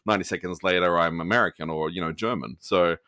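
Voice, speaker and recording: An Australian man, an actor guesting on an interview show, talking in an upbeat, animated way with plenty of fillers. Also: low voice, quick pace, no echo, studio quality. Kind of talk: casual interview over a video call.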